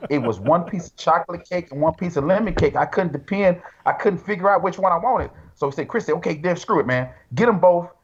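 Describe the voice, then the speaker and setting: With a high, breathy voice and hardly a pause, a man speaks fast on a muffled recording. He's a guest bodybuilder telling casual, animated, slangy stories and performing other people's quotes.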